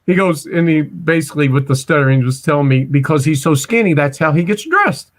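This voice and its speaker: A man's voice: on the high side, animated, brisk. A man in his forties from Missouri, telling casual stories as a guest, rambling with restarts and stammers. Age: 40s. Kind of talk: casual storytelling.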